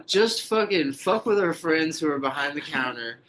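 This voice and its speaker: A man's voice: on the high side, animated, normal speed, fairly bright tone, a little hiss or hum, low-quality recording. A man who is a podcast guest, chatting casually and telling profane, laid-back stories. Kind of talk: casual chat.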